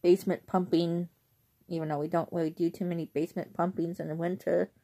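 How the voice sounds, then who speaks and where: A young woman vlogging in a casual, rambling way, who often clears her throat. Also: fairly low pitch, flat delivery, a little fast, mellow. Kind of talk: casual chat.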